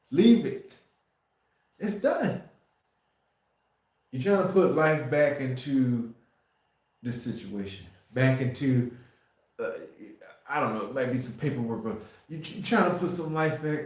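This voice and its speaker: Male livestream preacher, mid-pitched, loose and repetitive delivery, recorded in a very reverberant room. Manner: rambling, repeats words and restarts, swings from quiet to emphatic. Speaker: faith livestream host.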